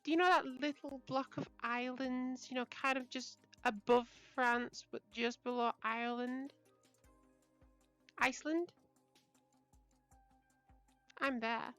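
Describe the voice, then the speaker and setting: A woman's voice: high voice, steady tone, unhurried, fairly bright tone, faint music behind. A young woman from Britain with an English accent, chatting casually with her livestream viewers and laughing often. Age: young adult. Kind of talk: casual chat reading viewer messages.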